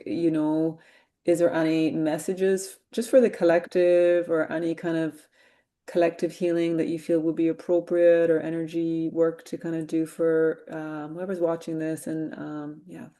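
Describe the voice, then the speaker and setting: A woman hosting the session, asking the last question in a soft, hesitant way. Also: sits low. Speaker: host. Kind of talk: casual interview talk.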